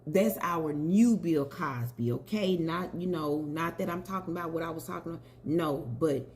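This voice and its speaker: A woman's voice: low voice, moderate pace, slight background noise. A woman giving casual commentary and a tarot reading, chatty and talking straight to her viewers. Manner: chatty, addresses viewers as y'all. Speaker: tarot reader.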